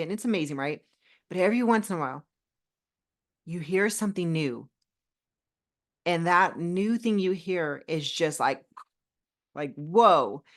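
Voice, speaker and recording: A middle-aged woman co-hosting a podcast, telling personal stories in a heartfelt, animated way with many restarts. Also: lowish voice. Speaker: podcast co-host. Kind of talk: casual podcast chat.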